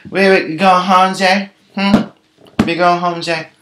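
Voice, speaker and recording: A man's voice: high-pitched, flat delivery, a little slow, reverberant, noisy background, pitched above the performer's own voice. A man voicing a drunk, defiant woman at a bar, slurring and wheedling. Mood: teasing.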